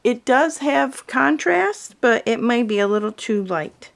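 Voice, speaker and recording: A woman teaching a quilting tutorial in a calm, explanatory way, talking through fabric choices as a voice-over. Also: on the high side, a little slow, creaky. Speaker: quilting instructor. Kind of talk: video tutorial narration.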